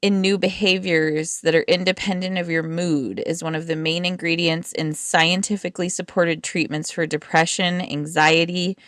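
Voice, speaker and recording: A woman with a lower voice talks earnestly on a faith podcast, thinking aloud with many fillers. She is recorded over a computer call, and the sound is dry with no room echo. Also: little pitch movement, moderate pace, few pauses, a bit bright. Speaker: podcast co-host. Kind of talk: casual faith podcast chat.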